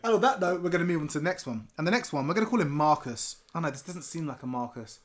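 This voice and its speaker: Higher-voiced man reading listener questions. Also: quick pace. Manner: relaxed, reads listener letters aloud. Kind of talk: casual chat.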